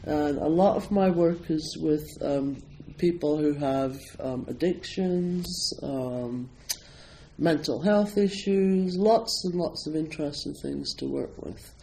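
A man's voice: on the high side, slow, vocal fry, warm tone, a little hiss or hum, rough recording. A Scottish man, a Zen priest and meditation teacher, giving an informal talk to an audience in a chatty, self-deprecating way, with plenty of ums and you-knows. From Scotland.

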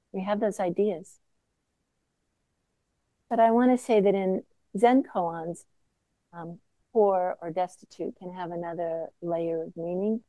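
A woman teaching as a Zen teacher in a reflective dharma talk, mostly soft-spoken with sudden emphatic bursts. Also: mid-range voice, no echo, narrow, tinny audio.

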